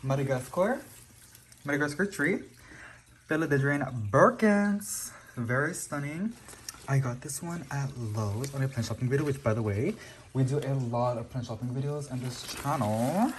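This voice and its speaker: A mid-pitched vlogger walks through a home plant collection, gushing over each new leaf with lively exclamations. The casual, excited talk is captured on a handheld camera at home. A faint hiss sits under the voice. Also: normal speed. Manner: gushing and enthusiastic, frequent exclamations. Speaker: houseplant channel host. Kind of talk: casual plant tour vlog. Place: home living room with plants.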